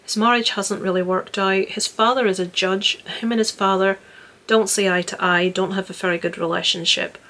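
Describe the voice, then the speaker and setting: A woman's voice: medium pitch, level tone, moderate pace, bright, forceful tone. A young woman chatting casually about films she watched, earnest and rambling with frequent restarts. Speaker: vlogger reviewing films. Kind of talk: casual film review chat.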